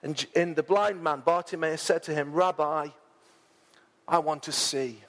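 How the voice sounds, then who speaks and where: A man preaching a sermon, chatty and informal, who rises to loud, dramatic peaks when he reads scripture aloud. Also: fairly high pitch, steady tone, measured pace. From England. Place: church hall. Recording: long church hall reverb.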